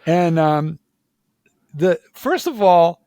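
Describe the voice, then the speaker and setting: A man from Philadelphia chatting casually in an interview, telling a lively story full of repeated "like"s and restarts. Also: a little high, drawn-out words, no room sound. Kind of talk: casual conversation.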